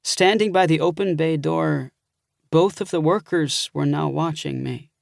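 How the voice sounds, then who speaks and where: A man's voice: on the high side, measured pace, gravelly, no echo, studio quality. A man narrating an audiobook thriller in the first person, reading steadily.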